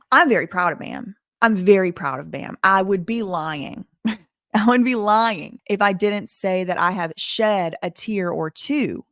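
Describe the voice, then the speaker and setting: A woman hosting commentary, talking indignantly and repeating her points with deliberate stresses. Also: lowish voice, no echo, studio quality. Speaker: commentary channel host. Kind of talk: emphatic to-camera commentary.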